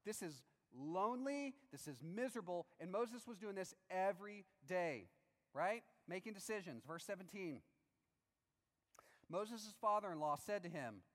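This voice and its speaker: A man preaching a sermon, with a slightly raised pitch. He is animated and acts out the voices of the people in his story. His voice rings with the long reverb of a large hall. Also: normal speed.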